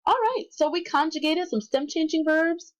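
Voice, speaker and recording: A woman as an instructor in a recorded lesson, patiently repeating words slowly for learners and correcting herself aloud. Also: extremely high pitch, dull audio. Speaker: Spanish instructor.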